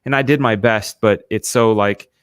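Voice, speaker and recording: A man co-hosting a casual streamed chat, rambling in an animated way and filling his talk with "you know". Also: lowish voice, normal speed, smooth. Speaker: co-host and storyboard artist.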